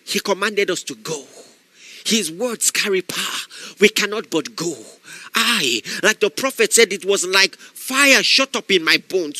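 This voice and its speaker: High, piercing preacher man. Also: lively intonation, measured pace, dry recording. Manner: impassioned preaching, swinging from quiet asides to shouted exhortation. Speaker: pastor. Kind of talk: sermon.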